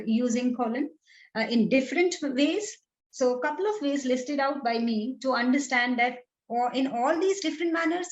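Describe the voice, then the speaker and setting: High-voiced woman teaching in an echoey room. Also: highs cut off. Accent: Indian English. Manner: explains step by step, checks in with "right?". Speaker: writing workshop instructor. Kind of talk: online lecture on punctuation.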